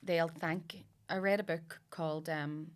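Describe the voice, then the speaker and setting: A woman, a comedian guest telling lively, sweary stories in a casual podcast chat. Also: sits low, measured pace. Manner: animated storyteller, swears freely.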